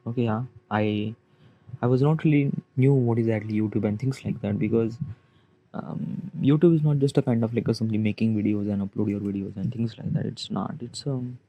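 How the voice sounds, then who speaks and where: A man, giving a halting, rambling confessional monologue in which he questions himself aloud. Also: on the low side, fairly even intonation, vocal fry, warm tone, poor audio. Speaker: vlogger. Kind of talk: confessional self-talk monologue.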